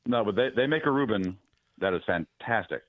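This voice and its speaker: An American man calling in to a podcast, chatting casually and pausing with hesitations. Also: on the low side, no room sound, phone-quality sound. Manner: relaxed storytelling with hesitations. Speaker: caller. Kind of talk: casual call-in chat.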